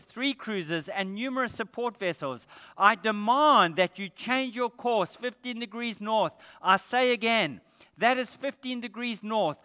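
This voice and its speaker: A man's voice: very high voice, bright, forceful tone, voice pushed up. A man acting out a blustering male navy captain on the radio, with a pompous, demanding manner. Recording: echoey church hall.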